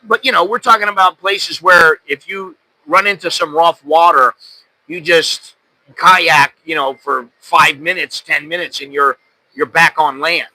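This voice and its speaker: A man's voice: a little high, fairly even intonation, measured pace, sharp tone, dry recording, poor audio. A middle-aged American man hosting a podcast, telling stories in a loose, rambling, self-deprecating way. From United States. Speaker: podcast host. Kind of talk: casual chat.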